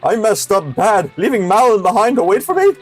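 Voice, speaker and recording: A sleepy middle-aged ranch owner with a Southern drawl, as a man puts him on. The voice sits much higher than a plain male voice and is pushed out loudly. It is a broad video game character read aloud. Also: animated, a little fast, soft background music. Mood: flustered.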